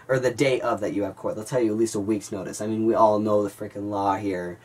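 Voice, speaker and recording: A young man vlogging, telling a story to his viewers in an animated way and calling them guys. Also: lowish voice, fairly quick, hardly any pauses, distant mic. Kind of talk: storytelling vlog.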